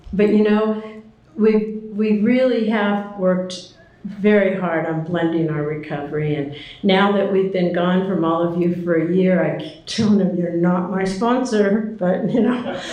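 A woman's voice: medium pitch, a little mellow, highs cut off. An older woman sharing her recovery story at a meeting, chatty and self-deprecating, laughing often, with many ums. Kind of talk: personal recovery talk. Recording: very echoey hall with faint noise.

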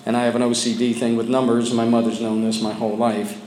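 A man sharing his personal story with a support group, speaking candidly and haltingly with frequent restarts, sometimes dropping low and quiet. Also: flat delivery, slight background noise. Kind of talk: personal testimony. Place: meeting room with a group of men. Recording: echoey room with faint ambience.

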